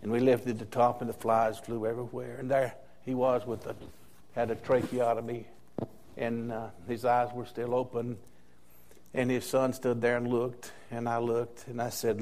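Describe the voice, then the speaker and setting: A man's voice: mid-range voice, completely flat delivery, moderate pace, a little mellow. An older man preaching a sermon as interim pastor, telling stories and repeating key phrases for emphasis.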